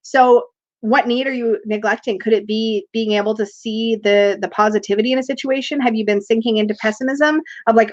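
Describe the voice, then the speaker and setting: A woman's voice: fairly high pitch, steady tone, fairly quick. A woman hosting a casual tarot livestream, chatty, reading viewer comments aloud and laughing often. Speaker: tarot reader and livestream host. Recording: dull lo-fi livestream audio.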